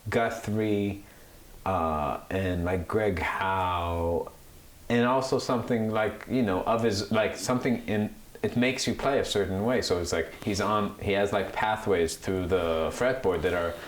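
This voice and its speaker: Casual podcast co-host, lowish voice, rambling talk, echoey room with a faint hiss. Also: male voice. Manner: rambling, animated, mocks Italian accents. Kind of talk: casual chat.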